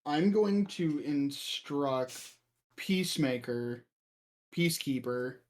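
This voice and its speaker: A man playing a tabletop game, describing his actions in a deliberate, hesitant way. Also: a little high, animated. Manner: slow, deliberate, hesitant with ums. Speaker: player.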